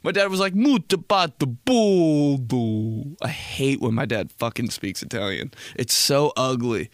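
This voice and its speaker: A man's voice: medium pitch, sing-song, normal speed, fairly bright tone, no echo, studio quality. A man hosts a podcast, rambling through a comedic monologue, laughing often and acting out quotes in exaggerated voices. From Indiana, United States. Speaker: podcast host.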